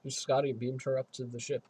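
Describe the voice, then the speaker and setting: A man's voice: mid-range voice, flat delivery, a little slow, a little mellow, slight background noise. A man streaming a game, reading its text aloud and rambling through playful, giggly asides. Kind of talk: casual let's-play commentary, reading game text aloud. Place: home streaming setup.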